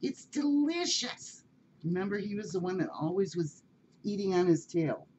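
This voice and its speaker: A woman's voice: lowish voice, brisk, warm tone. A woman reading an animal story aloud in a chatty way, speaking directly to her listeners. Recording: dull lo-fi with faint hiss.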